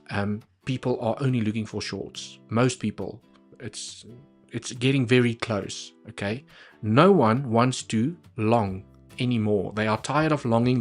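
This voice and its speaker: A man talking casually through trading charts on a live stream, chatty and repeating points for emphasis. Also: fairly low pitch.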